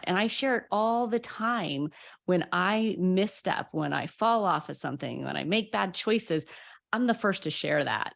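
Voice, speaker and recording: A woman's voice: fairly low pitch, vocal fry. A woman coach and author, a guest on a podcast, speaking openly and candidly with many "you know"s and "like"s. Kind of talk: conversational interview.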